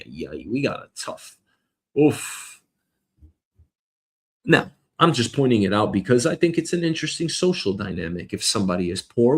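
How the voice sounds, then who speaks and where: A middle-aged man hosting a comedy show, ranting loudly and rambling, swearing a lot and slipping into mock voices. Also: medium pitch, husky. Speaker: host. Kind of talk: profane comedic rant.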